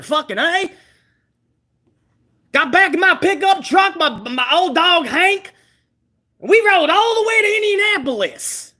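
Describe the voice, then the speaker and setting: A man's voice: extremely high pitch, sharp tone, pitched above the performer's own voice, full character voice. A man putting on a mocking impression of a brash cowboy wrestler who rambles boastfully in a hollering folksy twang.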